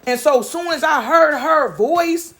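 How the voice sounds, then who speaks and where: A woman with a high-pitched voice rambling through a casual vlog story. She swears freely, quotes what she told others, and keeps checking in with a quick "right?". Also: fairly bright tone. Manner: retells her own words with "I said". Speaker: vlogger.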